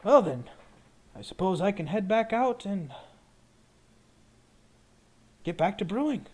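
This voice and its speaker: A man's voice: high voice, sing-song, moderate pace, a little mellow, voice pushed up. A man voicing a shrewd male potion brewer who sells his wares and haggles politely but firmly. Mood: bargaining. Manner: bargaining, polite but firm.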